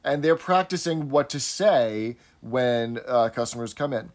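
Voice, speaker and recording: A man's voice: mid-range voice, animated, a little slow. A man co-hosting a podcast, chatting casually and recapping scenes. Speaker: podcast co-host. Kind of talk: casual chat.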